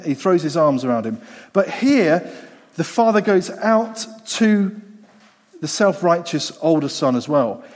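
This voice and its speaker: A man's voice: high voice, a little mellow. A man preaching a sermon in a conversational way, repeating phrases for emphasis. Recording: long hall reverb.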